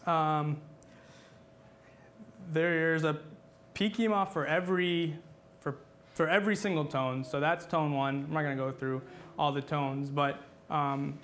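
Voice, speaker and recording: A man's voice: fairly high pitch, steady tone, measured pace, a bit bright, a little hiss or hum. A man teaching a class on church chant, talking patiently with many fillers and restarts, and singing short examples.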